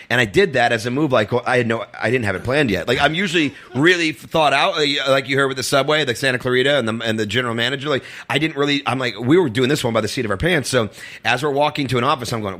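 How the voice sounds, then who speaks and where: A man guesting on a talk show, telling a long rambling story, full of fillers and acting out quotes in a higher voice. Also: fast, sharp tone. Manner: rambling, filler-heavy, acts out quotes in a high voice. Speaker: comedian guest. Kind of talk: casual storytelling chat.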